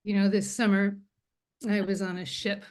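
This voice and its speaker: A woman's voice: medium pitch, flat delivery, moderate pace, darkish tone. A woman, a magazine founder, tells a self-deprecating story in a casual interview over a video call. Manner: chatty, self-deprecating anecdotes with laughs.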